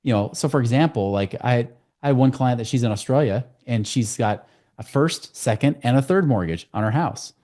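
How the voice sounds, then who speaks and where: A man speaking as a guest on a podcast interview, telling client stories in a quick, storytelling way. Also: mid-range voice, dark tone. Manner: fast, storytelling with client anecdotes. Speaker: guest, financial coach.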